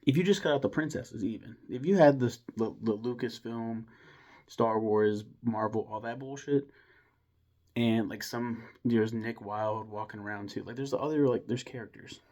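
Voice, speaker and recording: A man's voice: mid-range voice, moderate pace, a little mellow. A young man giving a casual, rambling film review full of enthusiasm, restarts and mild swearing.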